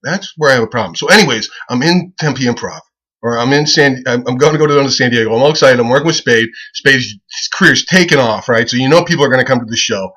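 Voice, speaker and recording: A comedian rambling casually as he pitches a website, profane and excitable, who keeps breaking into laughter at his own jokes. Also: fast talker, poor audio. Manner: profane, excitable, loose storytelling.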